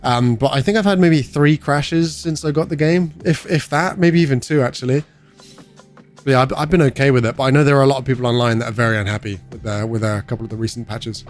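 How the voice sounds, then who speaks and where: A man's voice: medium pitch, steady tone, fast, faint music behind. A young British man chatting casually on a game livestream, joking and answering chat as he goes. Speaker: streamer.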